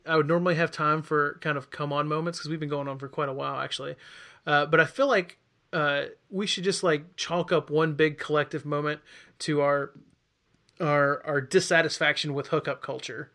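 Male podcast host, higher pitch, loose and rambling, heavy on fillers. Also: pushed and bright. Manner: rambling, hesitant, full of fillers. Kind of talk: casual chat.

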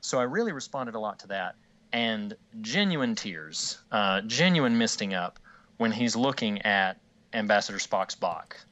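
A man's voice: on the low side, animated, unhurried, a bit bright, lo-fi sound. A man in a casual discussion, earnest and emotional, rambling with many restarts.

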